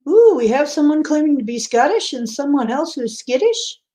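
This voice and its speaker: A woman's voice: sits high, very animated, moderate pace, dark tone. A woman hosting a livestream in casual chat, playfully teasing and answering her viewers' comments. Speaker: livestream host.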